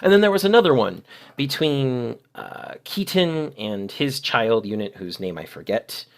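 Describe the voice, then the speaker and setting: A man's voice: medium pitch, very animated, measured pace, creaky. A man hosting a channel, giving critical video commentary in an exasperated, sarcastic way and explaining translations in detail. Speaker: channel host.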